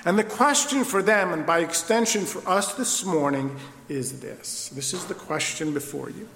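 High bright preacher in echoey hall. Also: male voice, normal speed, creaky, a little hiss or hum. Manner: expository preaching, rhetorical questions. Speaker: pastor. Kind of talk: sermon.

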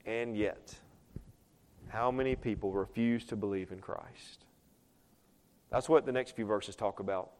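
A man preaching a sermon as pastor, animated, acting out quoted voices and swinging between loud and soft. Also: on the low side, measured pace, long pauses.

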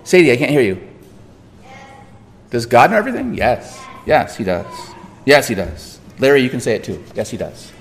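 A man's voice: mid-range voice, very animated, moderate pace, long pauses, long reverb tail. A man pastor preaching a sermon, emphatic and repetitive, questioning the congregation and answering himself.

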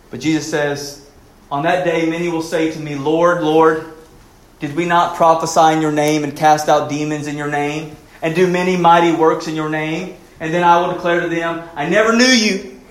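A man, a pastor, preaching a sermon, rising to emphatic peaks and dropping quiet again. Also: on the high side, echoey room.

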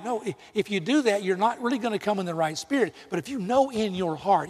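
High-voiced preacher in a reverberant hall. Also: male voice, animated, fast, few pauses. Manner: direct, emphatic, acts out imagined apologies. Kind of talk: sermon to students.

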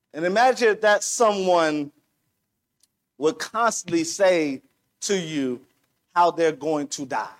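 A man preaching a sermon in church, opening with a prayer and speaking slowly and deliberately, then building to emphatic peaks. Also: fairly high pitch.

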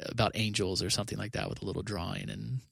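A pastor talks in a relaxed podcast conversation, his voice low and gravelly. He speaks earnestly, often restarting his phrases and tucking in 'you know', and the sound is close and dry with no room around it. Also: fast talker, no room sound.

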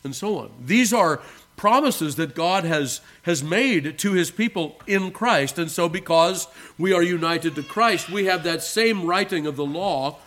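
An animated male pastor delivers a sermon to his congregation in a church, addressing them as beloved. Earnest and emphatic, he slows down on key words and veers from soft, low asides to raised phrases.

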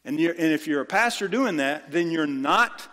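A man's voice: fairly high pitch, expressive, moderate pace, fairly bright tone, in a large hall. A man preaching a sermon as pastor, impassioned and emphatic, repeating phrases to drive his point home.

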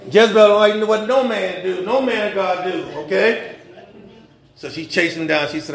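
Guy preaching, high pitched voice, joking around, roomy church sound. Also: moderate pace, gravelly. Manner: informal preaching with slang and humor, rising and dropping in intensity. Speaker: pastor. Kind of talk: sermon.

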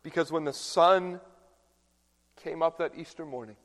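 Slow, dramatic male preacher in reverb. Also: fairly high pitch. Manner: dramatic, swinging from hushed to loud proclamation. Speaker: pastor. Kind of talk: sermon. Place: large church hall. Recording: long church reverb.

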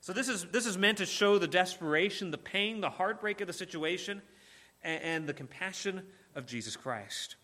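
A man delivers a sermon in a bright, forceful voice pitched a little high. He speaks earnestly and with emphasis, often repeating words and restarting phrases. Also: expressive, moderate pace. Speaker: preacher.

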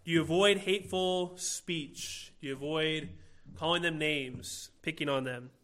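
Guy preaching a sermon, bright clear voice a bit on the high side, earnest, lots of questions to the crowd. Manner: earnest, rhetorical questions, slow emphatic phrasing.

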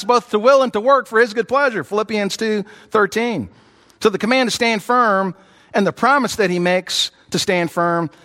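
A man preaching a sermon, earnest and repetitive, who rises in pitch when voicing others. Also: a bit bright. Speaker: pastor. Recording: long hall reverb.

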